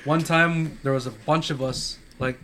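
A man with a North Country New York accent tells stories in a loose, swearing, chatty way. His voice is bright and fairly high for a man, with a faint hiss of noise behind it. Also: steady tone, a little slow. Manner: loose, profane, laughing storyteller. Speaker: podcast co-host. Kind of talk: casual storytelling chat.

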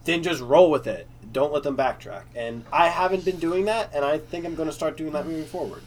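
A man's voice: a little high, a little fast. A man chatting loosely about role-playing games, rambling with lots of fillers and the odd swear. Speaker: player and game master. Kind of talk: casual podcast chat.

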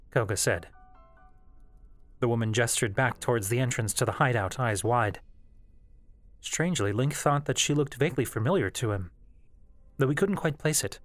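A man narrating a fan novel as an audiobook in a steady, measured storytelling voice. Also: medium pitch, no room sound. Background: faint background music.

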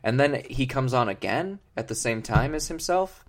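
A man co-hosting a comedy podcast, rambling on in a mock-earnest, deadpan way with many fillers. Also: medium pitch, normal speed. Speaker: podcast co-host.

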